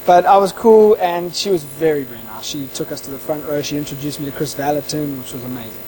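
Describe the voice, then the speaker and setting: A man who interviews people, telling a casual anecdote in an animated way and acting out the dialogue. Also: fairly high pitch, fairly quick, few pauses, slight background noise, low-quality recording.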